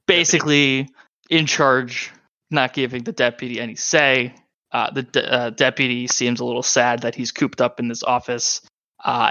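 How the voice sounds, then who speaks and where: A man running a tabletop game as dungeon master, narrating in a halting way with many fillers. His voice is bright and close, with no room around it. The audio is slightly dull. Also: mid-range voice, no room sound.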